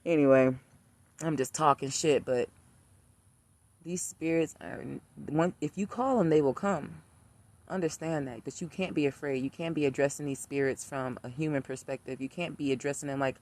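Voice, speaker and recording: A man's voice: fairly high pitch, a little mellow. A man talking in a blunt, profane casual rant about spirits, repeating himself for emphasis. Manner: blunt, profane, rapid-fire repetition. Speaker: spiritual practitioner ranting to camera.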